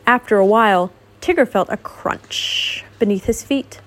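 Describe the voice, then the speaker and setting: A woman reading a picture book aloud to a child, gentle and expressive, pausing to ask questions. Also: mid-range voice. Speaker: storybook reader.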